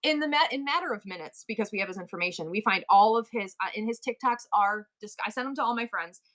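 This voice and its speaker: A middle-aged woman hosting a live selling stream, telling a story in a rambling, animated way full of asides and restarts. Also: medium pitch, fast. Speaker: live-stream seller and host. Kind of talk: casual storytelling chat.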